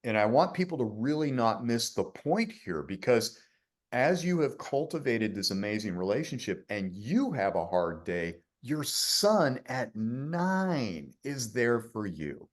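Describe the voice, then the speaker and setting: A man's voice: mid-range voice, big pitch swings, measured pace. A man, a dad coach, speaking earnestly and emphatically about a guest's story. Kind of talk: podcast chat, reflective commentary.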